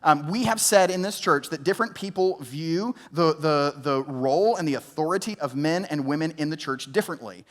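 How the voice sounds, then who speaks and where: Young pastor guy preaching, chatty, kinda high voice, lots of questions to the room. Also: a little fast, few pauses. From Georgia, US. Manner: conversational preaching with rhetorical questions and restarts. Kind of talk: sermon.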